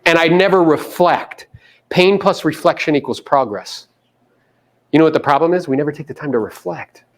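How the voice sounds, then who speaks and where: A man coaching real estate agents in a live seminar, animated, acting out quotes and swearing casually. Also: on the high side, normal speed. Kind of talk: live seminar talk to an audience.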